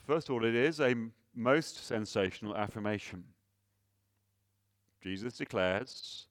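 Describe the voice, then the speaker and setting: A man preaching a sermon, earnest and full of rhetorical questions, often restarting phrases, rising louder on key points and dropping soft for emphasis. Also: fairly low pitch, moderate pace, dry recording, studio quality.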